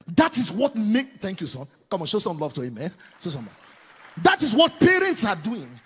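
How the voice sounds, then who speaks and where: A man with a Nigerian accent giving a preaching-style talk on parenting, swinging from loud exclamations to low asides. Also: wildly swooping pitch, moderate pace, husky. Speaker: parenting speaker. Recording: long hall reverb.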